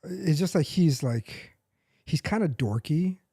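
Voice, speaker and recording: A man in his forties talks in a relaxed podcast chat, his voice mellow and dark. He rambles, backtracks to correct himself and laughs easily, recorded close and dry. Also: fairly high pitch, slow, gravelly, husky, dry recording. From United States. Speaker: podcast co-host. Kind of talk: casual chat.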